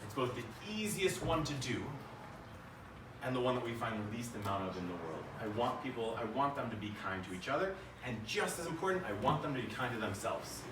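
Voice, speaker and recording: A man's voice: mid-range voice, animated, a little fast, distant mic, noisy background. A man giving a live keynote talk, conversational and asking the audience questions. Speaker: keynote speaker. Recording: echoey room, voice from the mic.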